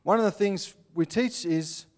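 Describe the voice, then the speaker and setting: A man's voice: high-pitched, unhurried, darkish tone. An Australian man giving an earnest, plainspoken sermon, with little acted-out scenes. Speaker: pastor.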